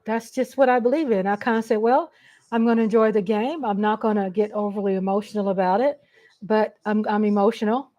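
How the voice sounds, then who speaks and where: A woman's voice: medium pitch, fairly even intonation, brisk, dark tone. A middle-aged woman hosting a livestream from home on a desk mic, chatting casually and rambling as she reads viewer comments and gets emotional. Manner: emotional, laughs often. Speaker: livestream host. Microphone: USB desk mic.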